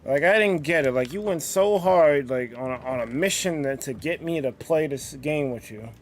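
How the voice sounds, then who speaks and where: A man's voice: fairly high pitch, normal speed, a little hiss or hum. A man streaming a game, chatting casually with many fillers and restarts. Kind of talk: casual gaming stream chat.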